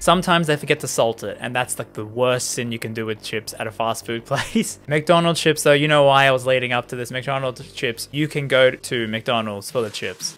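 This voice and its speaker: A man's voice: mid-range voice, a bit bright. An Australian man chatting casually in a vlog, rambling with frequent chuckles. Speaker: content creator.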